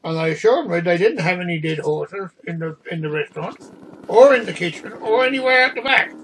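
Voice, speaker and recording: A man's voice: high voice, lively intonation, fairly quick, noisy background. A man telling a rambling comic story, exasperated and meandering. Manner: meandering, exasperated, doing the other people's voices.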